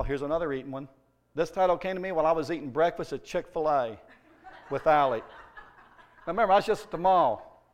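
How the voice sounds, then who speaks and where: A middle-aged man preaching a sermon as pastor, telling stories with humour and lively emphasis. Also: a little high. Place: church.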